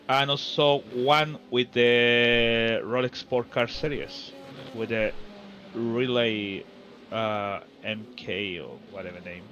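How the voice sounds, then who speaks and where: A man co-commentating a race in casual chat, halting and restarting with non-native phrasing. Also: medium pitch, fairly bright tone, muffled recording.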